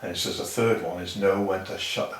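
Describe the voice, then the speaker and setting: A man's voice: sits low, fairly even intonation, a little fast. Chatty man telling stories. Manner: chatty, swears casually, acts out other people's lines. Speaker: guest saxophonist. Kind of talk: casual anecdotal storytelling. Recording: echoey room, mic far off.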